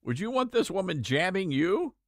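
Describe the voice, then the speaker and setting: A man hosting a talk show, giving opinionated commentary in an animated, mocking way. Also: sits high, normal speed, dry recording, clean studio sound. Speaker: radio talk show host.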